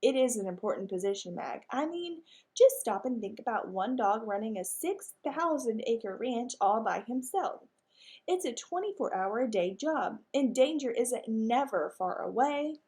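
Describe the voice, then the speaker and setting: A woman's voice: a little high, animated, a little slow, darkish tone. A woman voicing a boastful, bumbling male ranch dog who talks in a folksy, puffed-up way.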